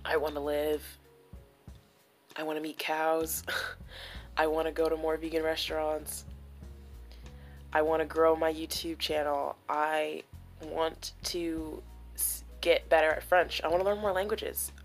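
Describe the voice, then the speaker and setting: A woman's voice: deep voice, level tone, a little slow, pauses often, soft background music. A young woman talking candidly and emotionally in a personal vlog, with many "like" fillers. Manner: emotional, confessional, full of "like" fillers. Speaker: vlogger.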